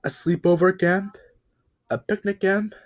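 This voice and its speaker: A man voicing a panicked talking cartoon truck in a high, shrill, frantic voice. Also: measured pace. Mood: excited. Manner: shrill, excited, then swearing in horror.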